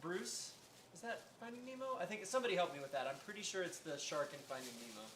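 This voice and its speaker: A man's voice: sits high, big pitch swings, racing, reverberant, noisy background. A man hosting a casual livestream cooking chat, jokey and eager to explain things. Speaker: livestream cooking show host.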